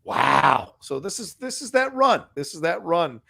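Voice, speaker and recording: A man's voice: fairly high pitch, very animated, gravelly, bright, forceful tone. A man co-hosting a podcast in casual chat, enthusiastic and swearing, a bit stuffed up. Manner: enthusiastic, swearing, quick reactions. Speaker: podcast co-host.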